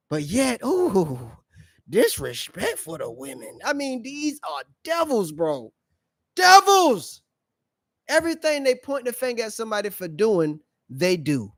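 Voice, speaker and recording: A high-voiced man rants in blunt slang on his live reaction stream, throwing questions at his viewers. The sound is dry and close, with no room around it. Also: dry recording. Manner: blunt, slangy, preachy, asks the audience questions. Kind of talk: ranting commentary on a played clip.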